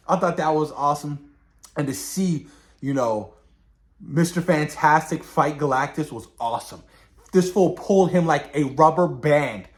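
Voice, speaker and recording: A man's voice: a little high, a little slow. A man chatting casually about a film he loved, rambling with fillers, swearing freely and getting carried away. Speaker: film reviewer. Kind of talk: casual spoiler review chat.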